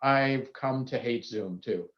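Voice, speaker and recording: A man at an ordinary pitch speaks slowly as a psychiatrist on a panel, earnest and candid, with the occasional self-deprecating aside. His audio comes over a video call and sounds dull, muffled and lo-fi.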